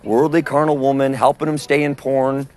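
A man's voice: medium pitch, level tone, moderate pace, a little mellow. A man preaching in the open air, telling stories emphatically and acting out the dialogue. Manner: storytelling, emphatic, quotes others in dialogue. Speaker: street preacher.

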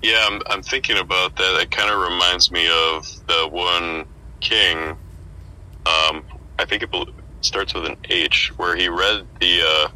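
A man's voice: low voice, steady tone, a little slow, pushed and bright, rough recording. A man who preaches on the street, talking in a casual Bible discussion, thinking aloud and hesitating as he searches for words.

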